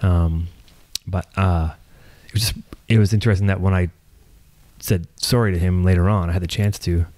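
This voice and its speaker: A man's voice: sits low, steady tone, normal speed, darkish tone, dry recording. A man hosting a casual podcast chat, rambling through a story with lots of restarts and casual swearing. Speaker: podcast host.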